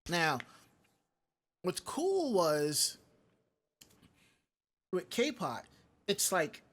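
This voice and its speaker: A man with a notably high-pitched voice talking loosely on a live-streamed show. He drifts from one tangent to the next and stops to read out chat messages, all in easy casual chat. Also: very animated, drawn-out words, fairly bright tone. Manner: rambling, digressive, reads chat comments aloud. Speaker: podcast co-host.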